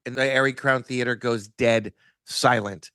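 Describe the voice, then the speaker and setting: A man's voice: medium pitch, unhurried, clean tone, no echo, clean studio sound. A middle-aged man telling a profane story on a podcast, acting out each person's lines with animation. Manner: animated, profane, acts out the dialogue. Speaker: guest storyteller. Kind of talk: anecdote told for a podcast.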